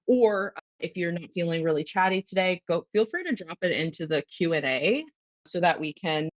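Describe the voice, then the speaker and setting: A woman's voice: lowish voice, dry recording. A woman hosting an online meetup over a video call, laying out the agenda in an organized way before asking her guest questions. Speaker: host and meetup facilitator. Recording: dry, dull lo-fi call audio.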